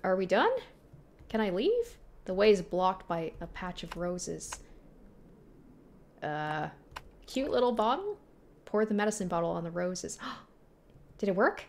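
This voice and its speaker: A woman's voice: fairly low pitch, big pitch swings, measured pace, long pauses, a little mellow, slight background noise. A young woman streaming a horror game, jumpy and talking to herself as she plays. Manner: jumpy, talks to herself, reads text aloud. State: panicked while being chased. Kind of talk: horror game let's play commentary.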